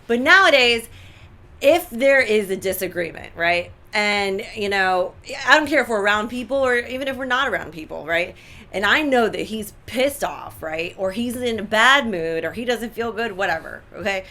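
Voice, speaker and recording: A woman's voice: medium pitch, normal speed. A woman co-hosting a health and lifestyle show, talking in a casual, emphatic way and repeating her points. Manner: animated, emphatic, repeats herself. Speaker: co-host. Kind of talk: casual chat.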